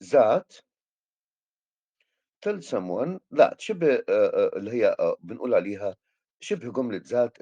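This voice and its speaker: Speaking in a fairly low, mellow voice on a dry recording, this Egyptian-accented teacher, whose first language is Arabic, works through English grammar. He hesitates, restarts often, and leans on lots of fillers.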